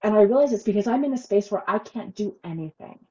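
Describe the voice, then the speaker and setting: Animated woman host, lo-fi sound. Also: mid-range voice, quick pace. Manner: animated, expressive storyteller. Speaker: podcast host. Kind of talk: casual interview chat.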